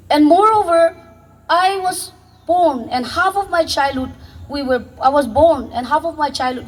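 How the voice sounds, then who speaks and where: A woman vlogger from Northeast India speaks in a high voice to young viewers, earnest and passionate. Her exhortations are impassioned, with restarts, and the audio is poor.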